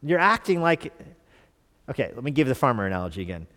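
A man's voice: medium pitch, big pitch swings, fast talker, fairly bright tone. Man preaching a conversational sermon in a reverberant church. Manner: conversational, asks the congregation questions. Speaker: pastor.

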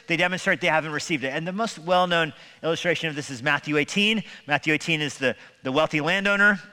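Guy preaching sunday sermon, chatty jokey, asks the room questions, bright tone, big echoey church. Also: on the high side, clear, resonant tone. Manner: conversational preaching with humor and rhetorical questions. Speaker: pastor. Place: church sanctuary. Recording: long hall reverb.

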